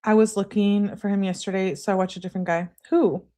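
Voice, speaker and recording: A woman's voice: mid-range voice, a little fast. A woman hosting a live stream, reading out text messages and chatting casually with viewers between them. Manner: reads texts aloud in an animated way, chats to live viewers. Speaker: true-crime channel host.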